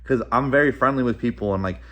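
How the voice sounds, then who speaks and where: A young man vlogging from home, telling a story in a rambling, animated way, full of "bro" and "like". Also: medium pitch, quick pace. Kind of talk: casual storytelling vlog.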